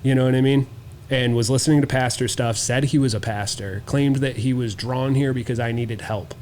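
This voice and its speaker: A man's voice: medium pitch, fairly even intonation, a little fast, darkish tone, a little hiss or hum. A man co-hosting a podcast, telling a wild story in casual, profane chat and acting out the quotes. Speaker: podcast co-host.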